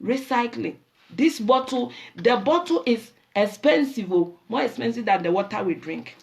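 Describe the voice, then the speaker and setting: A middle-aged woman with a Ghanaian accent, hosting a talk show and lecturing her listeners in a lively, preachy way, dropping Pidgin and Twi phrases. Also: a little high, moderate pace, creaky. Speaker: show host. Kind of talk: casual talk show monologue.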